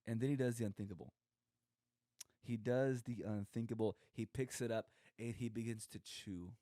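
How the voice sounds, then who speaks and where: A young man co-hosting a podcast, rambling through a comic story and slipping into quoted voices as he goes. His voice is mellow and warm, recorded dry and close. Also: lowish voice, dry recording. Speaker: podcast co-host. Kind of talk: casual comedic monologue.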